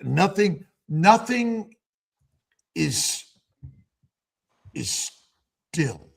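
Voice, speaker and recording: A man's voice: on the high side, very animated, extremely slow, vocal fry, breathy edge. A man hosting a casual livestream chat as a doctor, talking animatedly and repeating words as he searches for them.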